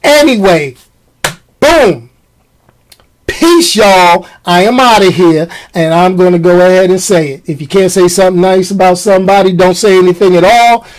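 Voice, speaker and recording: A man's voice: sits high, normal speed, poor audio. A man hosting his own podcast, ranting casually to his listeners and tossing in slang. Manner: animated, talks to the audience with slang. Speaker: podcast host.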